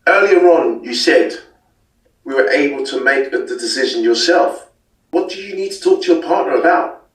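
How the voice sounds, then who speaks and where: A man practicing a sales response in a steady, plain way during training. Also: medium pitch, normal speed, reverberant, distant mic, poor audio. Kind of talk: role-play practice.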